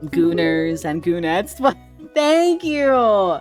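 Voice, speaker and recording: Unhurried, laughing male streamer. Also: sits high, big pitch swings, soft background music. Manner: rambling, laughing often, swearing. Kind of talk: casual live-stream chat.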